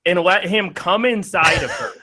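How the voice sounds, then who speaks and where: A man co-hosting a podcast, recounting a story in a rambling, halting way. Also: high voice, sharp tone. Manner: rambling, halting, many restarts. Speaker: podcast co-host. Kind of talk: casual podcast chat.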